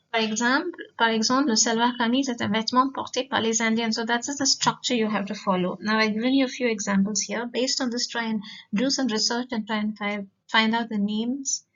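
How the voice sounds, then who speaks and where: A woman, a French teacher giving a recorded lesson and patiently repeating words slowly. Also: on the high side. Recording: dull lo-fi recording.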